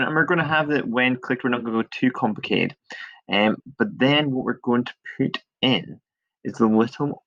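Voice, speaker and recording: A male teacher walking through a coding tutorial step by step, chatty and relaxed, shrugging off his own small mistakes. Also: mid-range voice, gravelly. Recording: dull lo-fi screen recording.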